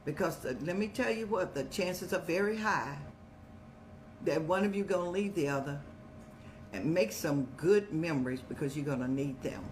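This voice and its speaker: An older woman hosting an advice show in a folksy, preacherly way, speaking to viewers like family and telling lively stories. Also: deep voice, a little slow, music in the background. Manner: folksy, preacherly, calls listeners "child"; lively storytelling with animated rises. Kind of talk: warm advice talk to viewers.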